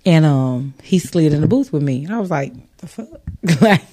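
A woman's voice: deep voice, animated, moderate pace, mellow. A woman co-hosting a podcast, telling a story in casual, profane chat and acting out quotes as she goes. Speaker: podcast co-host.

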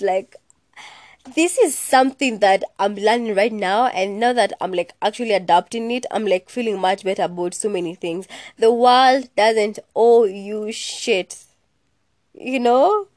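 A young woman talks in a chatty, sassy way on her solo podcast, cursing freely and slipping in Swahili. Her voice sits a little high. The recording is dry and close, with no room sound. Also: measured pace, a little mellow, no echo. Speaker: podcast host. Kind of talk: casual solo podcast chat.

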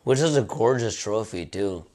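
A man's voice: on the low side, moderate pace. Casual man chatting about boxing. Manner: relaxed, rambling, frequent restarts. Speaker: podcast co-host. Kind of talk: casual sports chat.

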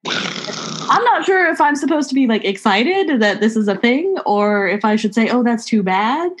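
A woman's voice: a little high, lively intonation, moderate pace. A woman joining a podcast video call, making dry joking asides. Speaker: guest on a podcast. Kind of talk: casual chat over video call.

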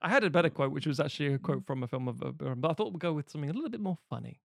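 A man co-hosting a casual podcast, tossing out crude quick jokes. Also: fairly high pitch, lively intonation, vocal fry, no echo, clean studio sound. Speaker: podcast co-host.

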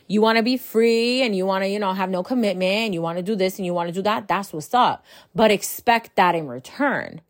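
A woman's voice: mid-range voice, lively intonation, normal speed, no echo, clean studio sound. Blunt, profane woman in her thirties. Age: 30s. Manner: rhetorical, keeps asking "right?". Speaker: host. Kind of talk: casual monologue.

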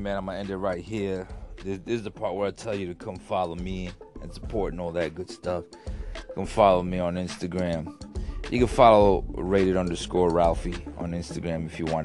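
Low-voiced man rambling a story. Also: darkish tone. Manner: rambling, restarts often, curses freely, laughs at himself. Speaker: YouTube vlogger. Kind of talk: casual storytelling monologue.

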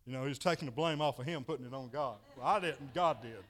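A man's voice: medium pitch, fast talker, a bit bright. A man preaching a sermon, retelling a story and repeating "he said" as he goes.

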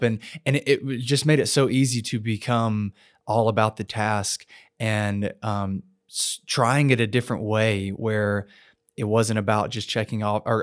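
A man, a pastor co-hosting a church podcast, speaking in an earnest, reflective way with halting restarts. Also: on the low side, no echo, studio quality. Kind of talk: casual conversation.

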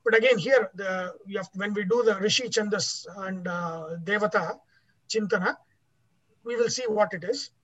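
High-voiced man teaching a class. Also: normal speed, a bit bright. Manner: repeats and restarts words, asks "right?" often. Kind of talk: explanatory class lecture. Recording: dull lo-fi recording.

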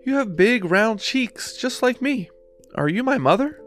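A man voicing a lonely little boy bird who pleads in a high, childlike voice. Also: expressive, measured pace, a bit bright, faint music behind, full character voice. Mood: hopeful.

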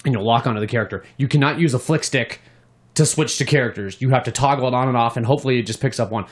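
This co-host of a gaming podcast has a medium-pitched voice and rapid-fire delivery. He chats casually, gets animated, and rants about games with heavy profanity.

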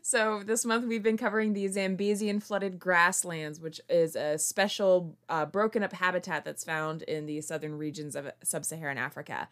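A woman's voice: fairly low pitch, fairly even intonation, normal speed, hardly any pauses. A woman co-hosting a casual wildlife podcast, who laughs easily and adds dry asides. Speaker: podcast co-host.

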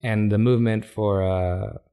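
A man with a fairly low voice, a comedian from Africa, chats as a podcast guest. He talks in bursts with plenty of restarts and frequent laughter. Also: a little slow, smooth. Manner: animated, laughs often, many restarts. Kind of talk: casual conversation.

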